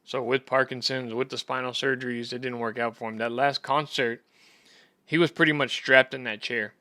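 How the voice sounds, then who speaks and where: A man's voice: mid-range voice, steady tone, normal speed, sharp tone, no echo. A young Texan man hosting a sports podcast, chatting loosely with a rambling, profane manner. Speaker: podcast host. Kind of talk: casual chat.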